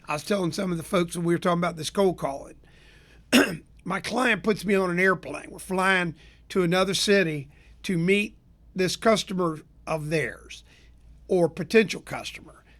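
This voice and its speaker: A man from Florida, a business consultant hosting his own show, telling sales stories in a folksy, energetic rant. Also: high-pitched, moderate pace. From Tampa area, Florida. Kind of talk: storytelling rant to listeners.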